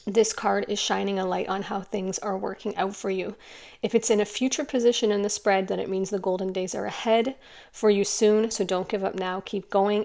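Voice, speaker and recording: A woman's voice: medium pitch, gravelly. A woman giving a casual intuitive card reading to camera, chatty and rambling with many restarts. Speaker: tarot card reader.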